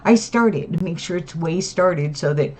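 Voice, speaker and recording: A weary woman vlogger rambles to her camera at home, venting casually with lots of restarts and repeated "right?" tags. Her voice sits on the low side with a darkish tone and a moderate pace. The recording sounds dull and lo-fi.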